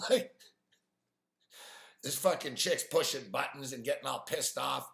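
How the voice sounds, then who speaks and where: Guy ranting on his stream, swears a lot, kinda high voice, echoey room. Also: moderate pace, vocal fry, fairly bright tone. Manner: exasperated, profane storytelling with frequent fillers. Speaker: live stream host. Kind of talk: profane ranting monologue.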